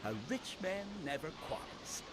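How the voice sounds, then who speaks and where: A man's voice: fairly high pitch, very animated, normal speed, a bit bright. A swaggering rich tough guy. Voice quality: thick tough-guy accent. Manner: emphatic, intentional delivery. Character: boastful rich man, gangster bravado. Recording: game audio with background noise.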